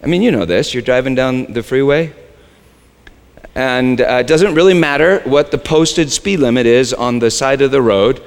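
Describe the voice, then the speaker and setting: A man preaching a sermon as the pastor, shifting between quiet low asides and sudden high, shouted lines. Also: normal speed, big-room sound.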